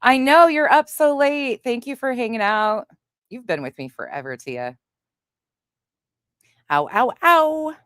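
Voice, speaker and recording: A woman's voice: on the high side, lively intonation, normal speed, fairly bright tone, clean tone, no echo, clean studio sound. A woman hosting a casual livestream, greeting viewers by name and chatting bluntly with some swearing. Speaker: livestream host. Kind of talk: casual livestream chat reading comments.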